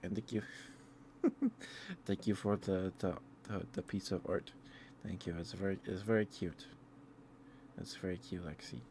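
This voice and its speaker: A man streaming ASMR, chatting softly with viewers in a gentle, affectionate and halting way. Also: deep voice, fairly even intonation, a little hiss or hum. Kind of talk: soft-spoken ASMR chat with viewers.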